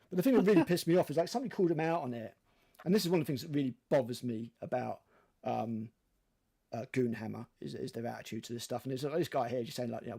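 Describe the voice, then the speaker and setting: Gravelly older man ranting. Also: mid-range voice, mellow. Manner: ranting and profane, many fillers. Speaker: podcast co-host. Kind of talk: casual chat.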